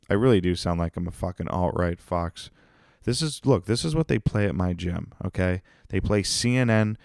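A low-voiced man with a gravelly edge rambles through a solo podcast monologue. He swears constantly and jokes at his own expense. The sound is dry and close, with no room around it. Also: a little mellow, no room sound. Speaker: podcast host. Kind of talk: casual profane monologue.

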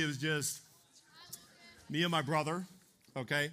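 A young youth pastor preaches a chatty sermon, constantly checking with the room by asking "okay?" and "right?" His voice sits on the high side, bright and forceful, with a steady tone and an unhurried pace.

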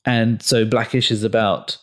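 Guy hosting a podcast, kinda low voice, opinionated, drops sarcastic jokes, says um a lot. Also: little pitch movement, moderate pace. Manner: opinionated, sarcastic asides, frequent ums. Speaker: podcast host. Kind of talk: casual chat.

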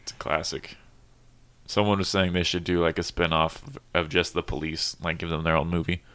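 A man chatting casually with a comedian friend, relaxed and laughing easily. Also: low-pitched, a little fast, clean tone. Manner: laid-back, lots of "like", laughs easily. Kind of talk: casual chat.

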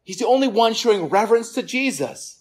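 Preaching a little fast with lively intonation in his mid-range voice, a pastor speaks earnestly to a congregation gathered in a church service room with listeners. He repeats words frequently and goes quiet to add emphasis.

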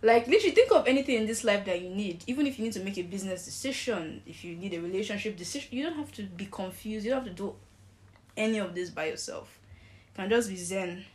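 A woman speaking in a lively, emphatic way in a casual faith podcast chat. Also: medium pitch, fast talker. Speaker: podcast co-host.

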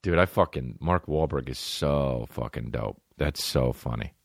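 A man's voice: a bass voice, a little slow, creaky, no room sound. A man hosting a comedy podcast from his home studio, riffing with lots of swearing. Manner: profane, riffing, jumps into silly voices. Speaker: podcast host. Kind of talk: casual comedic chat.

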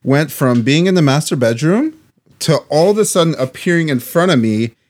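Animated storytelling man. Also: a little high, moderate pace. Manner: animated storyteller, swearing, laughing. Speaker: podcast co-host. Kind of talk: casual chat.

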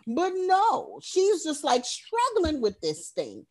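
Woman, podcast co-host, lively swooping intonation, casual and profane, storytelling. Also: high-pitched, slow. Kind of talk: casual horror film recap.

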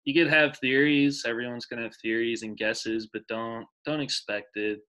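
A man's voice: medium pitch, fairly even intonation, moderate pace, pushed and bright, poor audio. A man in his twenties co-hosting a casual podcast chat, enthusiastic and emotional, rambling with restarts. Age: 20s. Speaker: podcast co-host.

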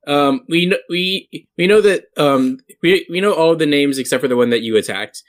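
A man running a tabletop game as game master, talking in a halting way full of ums. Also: on the high side.

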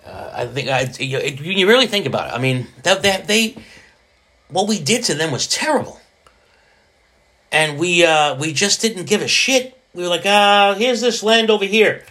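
A man's voice: fairly high pitch, very animated, moderate pace, pushed and bright. A man hosting his own podcast in a casual, rambling monologue, often restarting his sentences. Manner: slips into jokey put-on voices. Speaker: podcast host.

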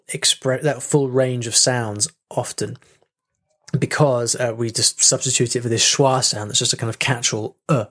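Animated man explaining pronunciation. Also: mid-range voice. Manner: animated, demonstrates sounds aloud; restarts and repeats words often. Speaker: language coach. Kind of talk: casual spoken teaching.

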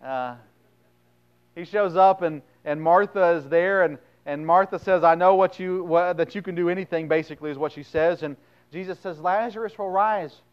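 A man preaching a sermon, reading scripture aloud and then retelling it bluntly in plain words, with sudden swings between loud emphasis and quiet asides. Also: high voice, moderate pace, clean tone, dull audio. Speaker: pastor.

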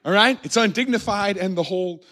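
A man from the Midwest preaching a sermon in a church, telling the story with lively acted-out voices and frequent laughs. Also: high voice, a little fast. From American Midwest. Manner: animated storytelling, acts out crowd voices, laughs often. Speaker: pastor.

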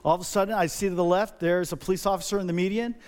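Male pastor, middle-aged, higher voice, preaches with emphatic repetition. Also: steady tone, rapid-fire, a little mellow, clear, resonant tone. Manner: emphatic and repetitive, builds energy with repeated phrases. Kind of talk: sermon.

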